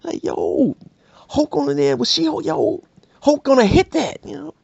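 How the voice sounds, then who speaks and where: A man voicing a young street instigator who hypes up drama with excited slang. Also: very high-pitched, unhurried, creaky, no room sound, lo-fi sound, pitched above the performer's own voice, full character voice. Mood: hyping. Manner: excited slangy hype talk.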